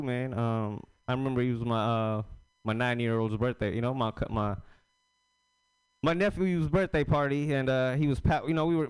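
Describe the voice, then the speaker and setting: Smooth-voiced man doing casual stand-up. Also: mid-range voice. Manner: casual, slangy, laughs at own jokes. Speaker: stand-up comedian at open mic. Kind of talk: stand-up storytelling.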